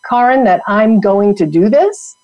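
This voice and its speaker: A woman's voice: medium pitch, expressive, a little slow, a little mellow, no echo, lo-fi sound. A woman from New York, a guest who founded a women's network, talking emphatically in a motivational coaching way. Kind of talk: motivational podcast talk.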